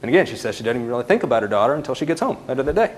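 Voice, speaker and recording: A man who works as a parenting counselor, telling a story to a live audience with animated shifts between loud and hushed delivery. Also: mid-range voice, racing.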